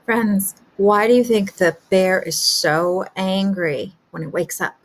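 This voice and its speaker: A woman kindergarten teacher talks slowly and gently, posing simple questions to young children about a story. She speaks at a mid pitch and stays patient throughout. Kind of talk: teaching a class remotely.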